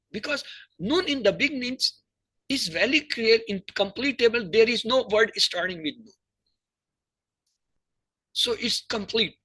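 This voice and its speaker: A man teaching Arabic verb conjugation in an online class, explaining slowly and repeating verb forms in lists. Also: high voice, pushed and bright, slightly rough, low-quality recording.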